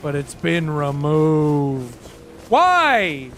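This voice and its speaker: A man streaming a video game, chatting through his play and bursting into panicked yelps and shouts. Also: a little high, sing-song, drawn-out words, soft background music. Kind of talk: live gameplay commentary.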